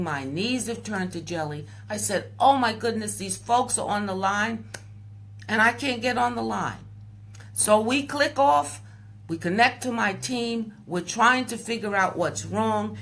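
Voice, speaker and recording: A woman's voice: on the low side, fairly bright tone. A woman hosting a weekly motivational live talk, telling a personal story in an earnest, storytelling way and calling her listeners folks, recorded on a phone. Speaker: host of a weekly mindset show.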